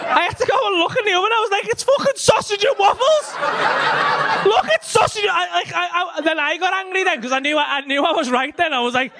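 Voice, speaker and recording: A man's voice: extremely high pitch, quick pace, creaky, few pauses, pushed and bright. A young man doing a stand-up routine, rambling and swearing, working himself up into exasperated rants. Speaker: stand-up comedian.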